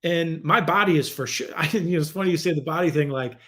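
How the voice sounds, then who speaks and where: A man in his forties, a podcast guest, telling stories in a casual, animated, profane way. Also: fast. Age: 40s. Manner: animated, profane, acts out quoted voices with big pitch jumps.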